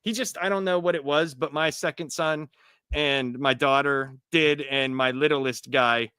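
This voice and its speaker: A man chatting as a podcast guest, telling stories in a profane, animated way. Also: on the high side, a little slow, smooth, dry recording. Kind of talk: casual podcast chat.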